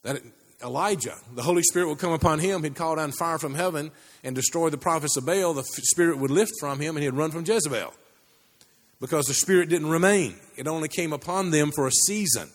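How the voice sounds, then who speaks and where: Guy preaching a sermon, storytelling, lots of restarts, big echoey hall. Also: fairly quick. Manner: storytelling, many restarts, rises in pitch when building up. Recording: long hall reverb.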